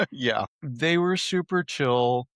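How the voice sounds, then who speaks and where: A man's voice: fairly high pitch, a bit bright, dry recording. A middle-aged man co-hosting a podcast, telling wry, self-deprecating anecdotes in casual chat. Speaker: podcast co-host.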